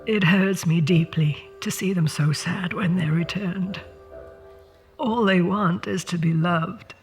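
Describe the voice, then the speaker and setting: Creepy trembly old lady done by a guy in an audio drama, high airy voice, slow and sad, soft music underneath. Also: fairly even intonation. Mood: sorrowful. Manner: slow, sorrowful, quietly accusing. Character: creepy old woman running a pet orphanage.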